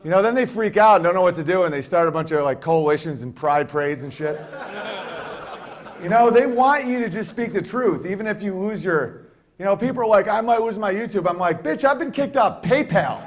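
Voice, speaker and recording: A man's voice: high-pitched, animated, a little fast. A man playing a brash male stand-up comic who rambles provocatively and laughs through his lines. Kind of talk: stand-up comedy bit.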